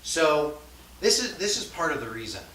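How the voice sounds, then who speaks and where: A man's voice: on the high side, very animated, moderate pace, pushed and bright. A man teaching a language class in a conversational lecture style, often adding fillers and checking in with his students. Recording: echoey classroom from far off, faint hiss.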